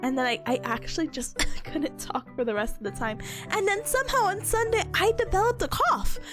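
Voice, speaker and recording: A sick woman streamer talks with a slightly hoarse, high voice that leaps up and down. She is chatty and animated and laughs a lot. Faint music plays quietly behind her. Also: a little fast. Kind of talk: casual chat stream. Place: small rented room indoors. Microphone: streaming setup with headphones on.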